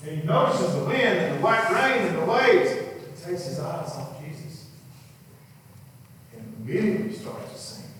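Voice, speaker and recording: A man's voice: sits high, normal speed, a little hiss or hum. Preacher man in an echoey hall. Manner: animated storytelling, acting out voices in quotes. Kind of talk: sermon. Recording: echoey hall, mic far off, faint ambience.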